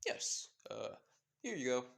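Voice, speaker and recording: A man voicing a calm, reassuring shopkeeper in a fan story. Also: medium pitch, slow pace, creaky, exaggerated voice. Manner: mild, reassuring.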